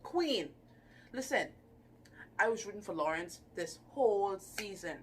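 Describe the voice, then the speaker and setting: A woman casually reviewing a TV episode on her channel, animated and gushing, with playful asides. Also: mid-range voice, a little slow, slight background noise. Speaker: YouTube reviewer.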